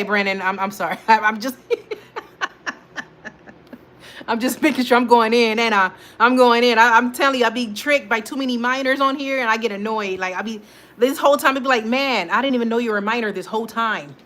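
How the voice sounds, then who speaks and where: A young woman hosting a casual livestream talks straight to her viewers and reads their comments aloud. She laughs often and answers the chat as it comes in. Her voice is bright and forward, with a faint hum of noise behind her. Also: mid-range voice. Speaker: livestream host.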